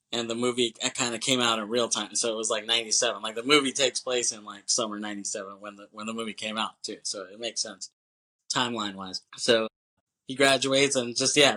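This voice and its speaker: A man's voice: mid-range voice, sharp tone. A man co-hosting a movie podcast, chatting casually and rambling as he swears and acts out scenes. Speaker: podcast co-host.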